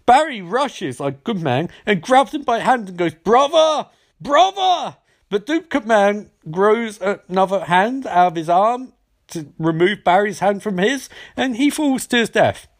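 Animated, sarcastic man with a high, swooping voice, riffing on a TV episode's plot holes. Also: a little slow. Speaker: TV episode reviewer. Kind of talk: comedic episode recap.

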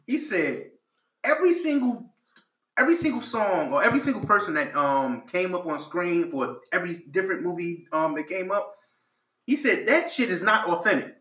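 A man co-hosting a podcast, chatting casually, animated and profane, often restarting his sentences. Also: high-pitched, moderate pace, roomy sound, low-quality recording. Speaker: podcast co-host. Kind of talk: casual chat.

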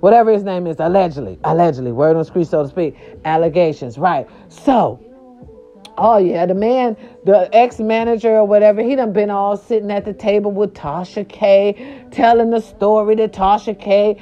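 A woman hosting a casual gossip talk show, sassy and dramatic, with slangy, playful delivery. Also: normal speed. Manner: animated, sassy, slangy, dramatic pitch swings. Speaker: show host. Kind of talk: casual celebrity gossip monologue. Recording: dull lo-fi audio.

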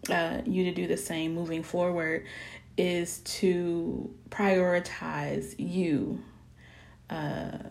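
A woman in her thirties speaks openly and warmly to her audience, unhurried and relaxed. Her voice sits a little low, and she drifts into chatty asides and soft laughs. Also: gravelly. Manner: transparent, chatty, laughs, says "y'all" and "honey". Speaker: vlogger. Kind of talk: candid personal talk to viewers.

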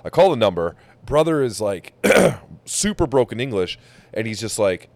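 Man, very low voice, casual podcast chat, animated storytelling, swears a lot. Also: normal speed, gravelly, dry recording. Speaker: podcast host.

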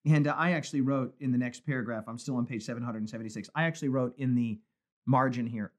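A man's voice: medium pitch, brisk. A man teaching a Bible study as a pastor, conversational and emphatic, with repeated phrases for emphasis, recorded for a live stream. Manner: animated, conversational, emphatic repetition. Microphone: phone or webcam for a live stream.

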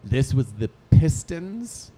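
Playful man with a lively voice. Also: medium pitch, takes it slowly. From Detroit suburbs, USA. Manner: playful, storytelling, bursts into announcer and singing voices. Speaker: podcast co-host. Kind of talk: casual chat.

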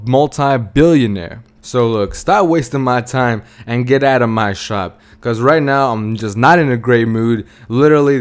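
A bitter, angry cobbler who snaps at customers with loud, scornful complaints, as a man tells the story. He sounds fed up with everyone and everything. His pitch sits around the middle for a man. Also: clear, resonant tone, natural voice.

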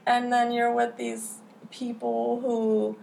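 A woman's voice: on the high side, monotone, takes it slowly, vocal fry, darkish tone, a little hiss or hum. A young woman hosting a casual podcast, talking candidly, swearing freely and filling her speech with "like" and "you know". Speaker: podcast host.

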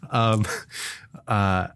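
Deep-voiced guy cohosting a podcast, chatty and halting, super dry close mic. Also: fairly bright tone, smooth, no room sound. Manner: chatty, halting, laughs often. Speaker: podcast co-host. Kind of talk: casual podcast chat.

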